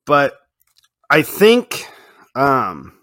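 A man with a mid-range voice talks slowly and unhurriedly in a casual podcast chat, often stretching out his words. He laughs easily, and his voice sounds close and dry, with no room echo. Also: mid-range voice. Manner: relaxed, drawn-out, laughs easily. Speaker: podcast co-host.

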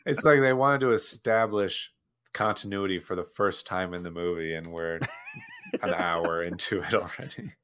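A man co-hosting a casual podcast about a movie, laughing often and acting out scenes in quick voices. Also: low voice, fairly bright tone, slight background noise. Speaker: podcast co-host.

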